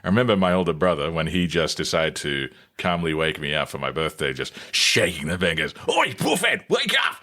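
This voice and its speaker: A man's voice: very deep voice, a little fast, few pauses. A man, a voice actor telling stories in an interview. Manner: animated, slips into character voices. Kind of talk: guest interview clip.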